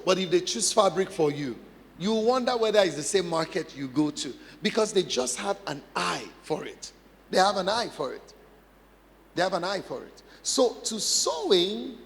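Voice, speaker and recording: Slow, high-voiced preacher. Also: male voice, a bit bright, big-room sound. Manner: emphatic, repeats phrases, asks the congregation questions. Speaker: pastor. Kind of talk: sermon.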